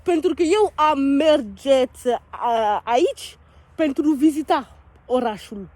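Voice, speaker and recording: A young woman from France chatters in English with a French accent, her voice sitting very high. She teases and overreacts playfully as she films a casual street vlog. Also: expressive, slow pace, a little mellow, no room sound. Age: young adult. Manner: bubbly, teasing, exaggerated reactions. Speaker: vlogger.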